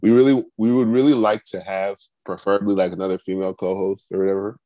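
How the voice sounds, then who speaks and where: A man's voice: low voice, level tone, fast talker, warm tone, no echo. A man co-hosting a podcast in casual chat, rambling and saying "like" constantly. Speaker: podcast co-host.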